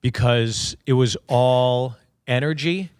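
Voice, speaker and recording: A man's voice: medium pitch, takes it slowly, a little mellow, smooth, dry recording, clean studio sound. A male podcast host in casual chat, laid-back and reflective.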